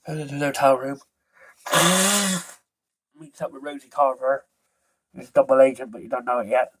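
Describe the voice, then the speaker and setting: A man's voice: mid-range voice, little pitch movement, normal speed, long pauses. A man casually retelling a film's plot from memory, rambling and correcting himself as he goes. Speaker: film reviewer. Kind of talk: casual film recap.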